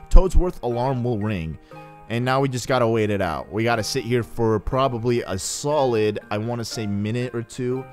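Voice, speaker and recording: A man rambling through casual, joking gameplay commentary as he hosts a let's play. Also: mid-range voice.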